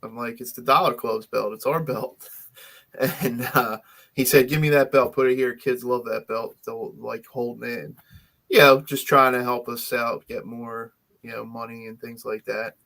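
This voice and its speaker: A man's voice: medium pitch, level tone, normal speed, creaky, a bit bright. A man co-hosting a casual podcast, talking in a rambling way with many fillers and restarts. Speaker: podcast co-host.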